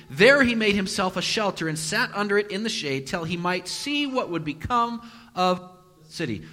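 Guy preaching and telling a story, bright voice, really lively, big hall echo. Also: sits high. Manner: animated, acts out quotes with sudden loud and hushed turns. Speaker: pastor. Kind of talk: sermon with personal storytelling. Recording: long reverb of a large hall.

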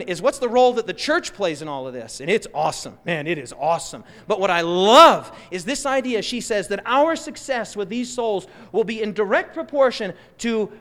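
Impassioned preacher in an echoing hall. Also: male voice, high voice. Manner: impassioned, swings between loud emphasis and soft slow asides. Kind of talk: sermon. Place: church.

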